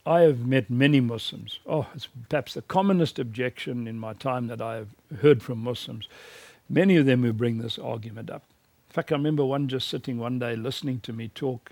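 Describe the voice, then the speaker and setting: Gravelly man lecturing earnestly. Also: medium pitch, a little mellow, no echo. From South Africa. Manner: earnest, emphatic preaching cadence with personal anecdotes. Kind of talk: recorded teaching lecture.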